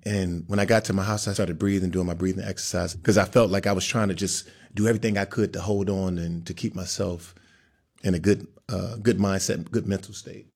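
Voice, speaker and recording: Man, pro athlete guest, halting delivery, very deep voice. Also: fairly even intonation, a little mellow, breathy edge. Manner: halting, repeats phrases. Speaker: guest, pro football player. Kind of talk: candid interview answers.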